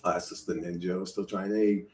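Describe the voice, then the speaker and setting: A man's voice: low-pitched, fairly even intonation, fast talker, darkish tone. A man streaming live, chatting casually and rambling with lots of swearing and laughter. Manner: rambling, profane, laughs often. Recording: echoey room.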